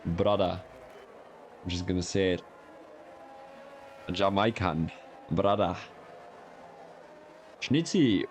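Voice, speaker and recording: Young male streamer, casual race commentator bantering with chat, lower voice, faint background noise. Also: a little mellow. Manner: casual, joking, chats with viewers while commentating. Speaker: sim racing stream commentator.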